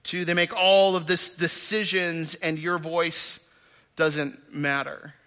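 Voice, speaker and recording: A man in his thirties preaching a sermon in church, moving from loud emphatic bursts to quiet asides. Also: a little high, little pitch movement, slow, smooth. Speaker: pastor.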